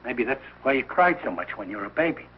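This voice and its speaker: An actor playing an excitable, sentimental working-class father in a 1940s radio sitcom, lively and self-pitying. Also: mid-range voice, quick pace, close to an everyday voice. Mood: hurt. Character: blustering, sentimental working-class family man. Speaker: father of the household. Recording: dull old radio broadcast with faint hiss.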